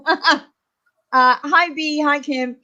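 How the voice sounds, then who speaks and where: A woman's voice: sits high, steady tone, drawn-out words, sharp tone, dull audio. Hesitant woman, country accent. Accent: American country. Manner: hesitant, with many fillers. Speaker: online chat guest. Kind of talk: casual online group chat.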